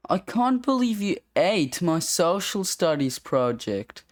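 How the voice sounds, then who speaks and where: A bossy big sister laying down the rules, as the reader puts her on. The scolding comes slowly and firmly, in a dry, close recording. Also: mid-range voice, big pitch swings, no echo. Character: bossy older sister, sharp-tongued. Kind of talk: comic strip read-aloud.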